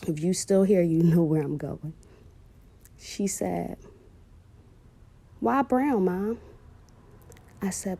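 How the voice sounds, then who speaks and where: A woman's voice: on the low side, gravelly, dark tone, slightly rough. A woman, heartfelt and emotional, telling viewers a personal story about her daughter and calling them "y'all".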